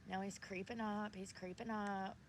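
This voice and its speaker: An indignant woman streams from a park and talks straight to her viewers, with plenty of swearing. Her voice sits at an ordinary middle pitch, and clear outdoor noise runs under her the whole time. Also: level tone, moderate pace. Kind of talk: casual outdoor livestream.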